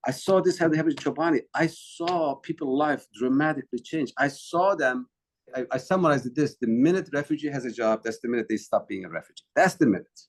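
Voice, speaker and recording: A man's voice: medium pitch, a little fast. Earnest man with non-native English phrasing. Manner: earnest, repetitive phrasing with frequent restarts. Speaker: company founder, interview guest. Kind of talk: conversational interview answer.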